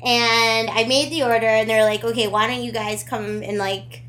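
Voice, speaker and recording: A woman's voice: a little high, fairly even intonation, normal speed, a bit bright. A woman co-hosting a casual chat who teases bluntly and swears freely.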